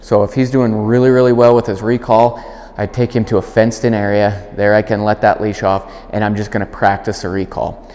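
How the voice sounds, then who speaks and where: A man who trains dogs explains a demonstration in a calm voice and gives firm, clear commands. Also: lowish voice, fairly quick. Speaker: dog trainer. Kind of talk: instructional demonstration. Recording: long hall reverb.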